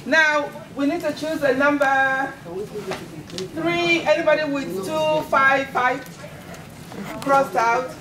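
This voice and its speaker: A woman emceeing an event, speaking formally, thanking organizers with "um" pauses. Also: sits high, steady tone. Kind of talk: thanking organizers and running a raffle. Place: large indoor conference hall. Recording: echoey hall from far off, clear noise.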